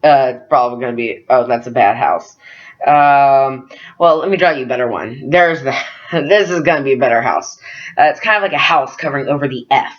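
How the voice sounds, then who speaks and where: A young man walks through verb conjugations in a casual, self-narrating way, stopping often with ums and uhs. His voice sits in an ordinary middle pitch. The recording is dull and lo-fi, like a cheap computer mic. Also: a little fast. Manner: loose and chatty, many ums and uhs. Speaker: French tutor. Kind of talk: casual screen-recorded lesson.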